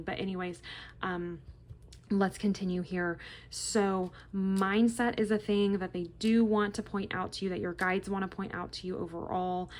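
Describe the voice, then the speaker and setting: Lady doing a gentle tarot reading, keeps saying okay, kinda reassuring, bit of hiss. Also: fairly low pitch. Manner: gentle, reassuring, repeats phrases and checks in with "okay?". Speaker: tarot reader. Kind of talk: casual tarot reading to camera.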